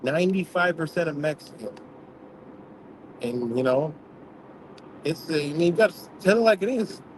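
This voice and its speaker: A man's voice: a little high, moderate pace, long pauses, a little hiss or hum, poor audio. A man hosting a livestream, talking bluntly in a rambling, profane, casual rant, apparently from inside a vehicle. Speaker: livestream host.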